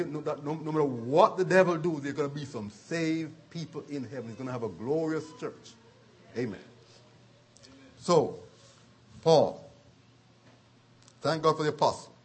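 A man preaching a sermon, retelling scripture stories with chuckles and dramatic slowdowns. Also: fairly high pitch, darkish tone, husky.

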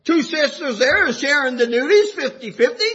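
A man's voice: very high voice, animated, moderate pace, bright, forceful tone. A man preaching a sermon from scripture, folksy and chuckling, rising into fervent exhortation. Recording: dull lo-fi sound.

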